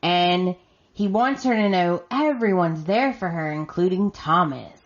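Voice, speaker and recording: A woman hosts a podcast and recaps the week's episodes in a slow, unhurried voice pitched a little low. She talks casually and with exasperation. The recording sounds dull and lo-fi. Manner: chatty and exasperated, acting out her reactions. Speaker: podcast host. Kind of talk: casual recap of a soap opera.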